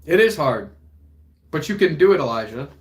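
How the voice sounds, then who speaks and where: A young man with a slightly high voice talks straight to his livestream viewers. He is earnest and motivational, swears casually, and lets his emotion show as he speaks. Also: very animated, normal speed. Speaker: fitness coach and livestream host.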